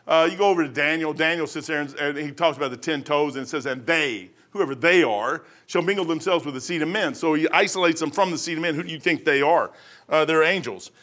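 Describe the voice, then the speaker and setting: A middle-aged man preaching an informal, rambling sermon, folksy in manner and rising to loud, emphatic bursts. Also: on the high side, fast.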